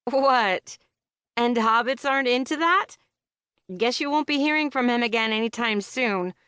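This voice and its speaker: A woman's voice: on the high side, moderate pace, pushed and bright, clean tone, no echo, clean studio sound, pitched above the performer's own voice. A woman voicing a crude, sarcastic best friend. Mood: mocking. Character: brash, foul-mouthed young woman best friend.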